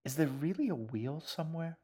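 A man voicing a curious young girl in a storybook reading, asking slow, wondering questions in a raised voice. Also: fairly high pitch, expressive, dark tone, husky, voice pushed up. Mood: puzzled.

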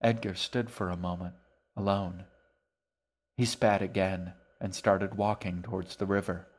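A man reading his own novel aloud as a podcast, in measured, even storytelling narration. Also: low-pitched.

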